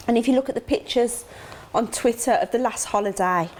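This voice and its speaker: A middle-aged woman talks openly and emotionally as an interview guest. She tells her memories quickly, acting out remembered conversations, and her voice jumps high when she gasps. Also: slight background noise. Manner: emotional, acts out quoted dialogue with sudden high gasps. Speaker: interview guest, grieving mother.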